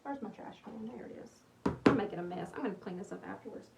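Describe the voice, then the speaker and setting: A woman's voice: mid-range voice, fast talker, vocal fry. A young woman, chatting in a bubbly, rambling way while she crafts on a livestream, talking to her viewers. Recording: roomy, slightly distant with faint hiss.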